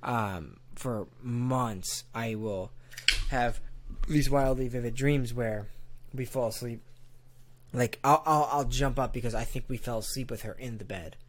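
A man's voice: mid-range voice, steady tone, measured pace, slight background noise. Young guy rambling on a podcast, lots of likes and ums, laughs easy. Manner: rambling, many fillers, laughs easily. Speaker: podcast co-host. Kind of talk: casual chat.

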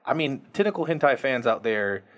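A man's voice: mid-range voice, big pitch swings, a little fast, fairly bright tone. Laughing, foul-mouthed man recapping a film. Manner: profane, laughing, retells scenes with quoted lines. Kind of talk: casual movie review chat.

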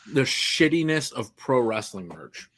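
A man's voice: medium pitch, sing-song, normal speed, a bit bright. A man co-hosting a casual podcast, who speaks bluntly and swears freely. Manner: blunt, profane. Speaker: podcast co-host. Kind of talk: casual banter.

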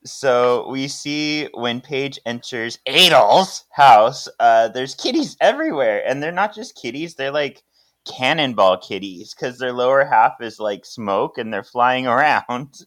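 A man's voice: mid-range voice, animated, measured pace, a bit bright. A man co-hosting a podcast in casual chat, reading comics aloud with plenty of laughter and playful put-on voices. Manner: laughs often, acts out lines in playful voices. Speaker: podcast co-host.

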